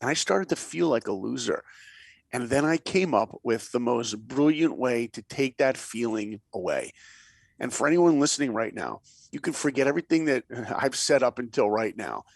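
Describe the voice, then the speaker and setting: A man spins animated stories as an interview guest, his voice gravelly and swinging widely in pitch. He acts out the people in his anecdotes and sometimes drops to a whisper to drive a point home. The sound is dry and close. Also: normal speed, no room sound. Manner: lively storyteller, acts out quotes, drops to a whisper for emphasis. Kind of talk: animated storytelling in a podcast interview.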